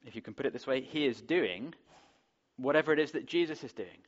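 A man's voice: medium pitch, animated, a little fast. A man preaching a sermon in a conversational way, often putting rhetorical questions to the congregation, on a dull lo-fi recording. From England.

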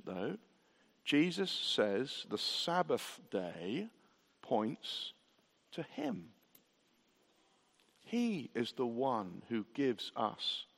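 A man preaching a sermon, earnest, building his points with rhetorical questions and repetition, heard in a reverberant church hall. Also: medium pitch. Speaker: pastor.

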